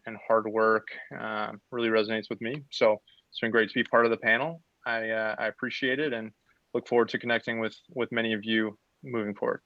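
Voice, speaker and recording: A man's voice: on the low side, a bit bright, no echo, muffled recording. A man speaking briefly as a panelist, thanking others, over a video call. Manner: brief, appreciative.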